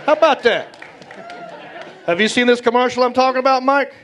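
Male stand-up comic, high voice, animated and playful, faint crowd laughter. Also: brisk, background noise. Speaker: stand-up comedian. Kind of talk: stand-up comedy set. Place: comedy club stage. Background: audience laughter.

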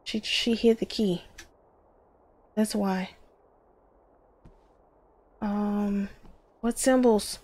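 A woman's voice: medium pitch, steady tone, very slow, pauses often, darkish tone. A woman commentating her own horror game playthrough, jumpy and exclaiming, talking to herself and her viewers. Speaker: gamer. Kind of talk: horror let's play commentary.

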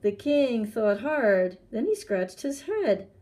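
A woman librarian reading a picture book aloud to children in a gentle, animated storytelling manner. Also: fairly high pitch, takes it slowly.

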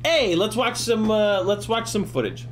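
A man's voice: sits high, measured pace, fairly bright tone, faint music behind. Tipsy, rambling middle-aged man. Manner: rambling, profane, ranting, laughs often. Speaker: FPV drone livestream host. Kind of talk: casual livestream chat.

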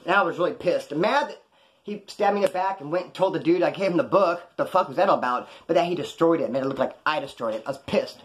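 A former prisoner telling stories about prison life in a blunt, rambling, profane way. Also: male voice, a little high, quick pace. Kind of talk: casual storytelling monologue.

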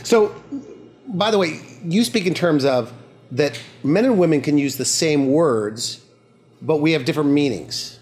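Guy hosting an interview, kinda high voice, asks lots of curious questions. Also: animated, unhurried, a little mellow. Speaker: interview host. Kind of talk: conversational interview.

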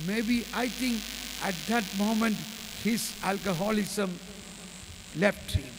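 A man preaching a sermon, telling a story slowly and leading the group in prayer and hallelujahs. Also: sits high. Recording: reverberant hall with faint mains hum.

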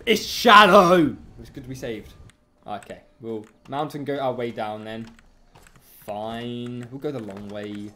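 A streamer giving excitable let's-play commentary, taunting enemies in the game. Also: medium pitch, measured pace, slight background noise. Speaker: gaming streamer.

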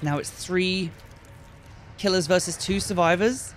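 A man giving excited commentary on a horror game while playing, swearing often and switching between low mutters and sudden yells. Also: moderate pace, noisy background. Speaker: gaming video creator. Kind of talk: gameplay commentary. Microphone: gaming headset.

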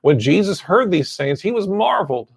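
Male preacher, raised pitch with some fry, folksy sermon storyteller, dry recording. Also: sing-song, moderate pace, no room sound. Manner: repeats amen often, storytelling. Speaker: pastor.

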